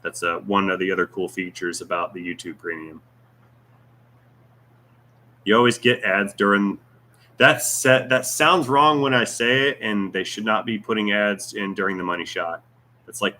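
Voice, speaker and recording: A man's voice: low-pitched, normal speed, pushed and bright, a little hiss or hum. A man hosting a casual livestream Q&A, reading viewer comments aloud with jokes, teasing and rambling asides. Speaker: YouTube channel host.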